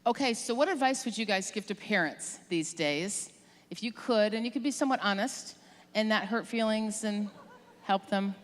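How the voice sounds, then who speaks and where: A woman's voice: medium pitch, normal speed, big-room sound. A woman moderating a church panel, asking questions in an upbeat, chatty way.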